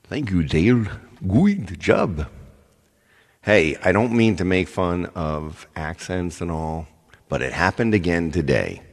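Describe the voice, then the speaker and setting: A man's voice: low-pitched, animated, slow pace, in a large hall. A man hosting a live stream, chatting casually with viewers and telling a long, ranting story. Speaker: live stream host and singer.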